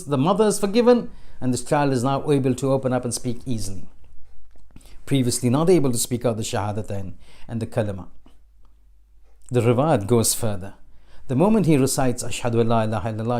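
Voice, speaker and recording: A man giving a sermon in a mosque, telling a story and taking on the voices of its people, slowing down to recite prayers. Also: mid-range voice, lively intonation, mellow. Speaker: preacher.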